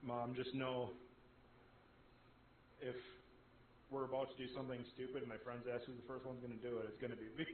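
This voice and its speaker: A man in his thirties chatting while gaming, with a dry, flat delivery. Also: medium pitch, brisk, long pauses, slight background noise. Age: 30s. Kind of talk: casual gaming chat. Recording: tinny phone-like voice chat line.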